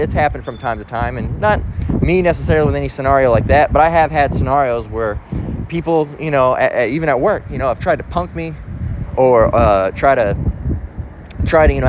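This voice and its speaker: A man's voice: medium pitch, expressive, quick pace, noisy background. A man giving an informal spoken sermon, rambling and emphatic, with frequent swearing. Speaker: preacher.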